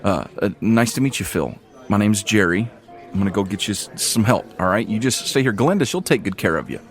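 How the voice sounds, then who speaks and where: A man's voice: lowish voice, lively intonation, fairly quick, soft background music, lightly acted. A man voicing a nervous, polite city guardsman who stammers and repeats himself. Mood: stammering.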